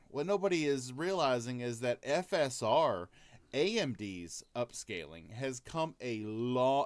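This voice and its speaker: A man with an American accent hosting a gaming podcast, talking in an opinionated, animated way. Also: mid-range voice. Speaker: podcast host. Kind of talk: casual talk.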